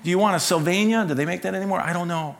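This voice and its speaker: A man's voice: high voice, vocal fry, a little hiss or hum, pitched above the performer's own voice. A man voicing an anxious young son who pleads with his father over the phone. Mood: fretful. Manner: pleading, fretful, rushed.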